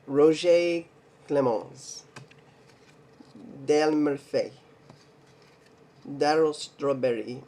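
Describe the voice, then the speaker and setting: Slow, self-joking man reading out cards. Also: on the high side, dark tone. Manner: reads names slowly, stumbles and jokes to himself. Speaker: card collecting video host. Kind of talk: casual mail day card showcase.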